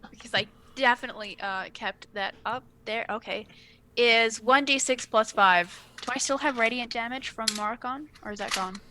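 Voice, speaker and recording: A woman plays a paladin at a tabletop game, her voice bright and a little high. She chats casually and pokes fun at herself. She reads out her dice rolls and damage as she goes. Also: normal speed, a little hiss or hum. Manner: self-mocking, reading out dice rolls. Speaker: player, paladin.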